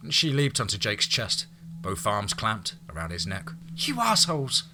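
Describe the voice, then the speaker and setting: A man narrates an audiobook in a steady, measured telling. His voice sits low yet rings very bright and forward. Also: a little hiss or hum.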